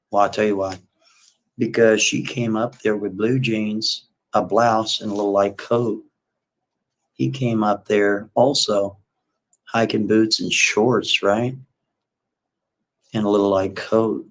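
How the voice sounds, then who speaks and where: A man hosting a livestream, retelling a story in a casual, folksy way with repetitive, animated asides. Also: lowish voice, poor audio.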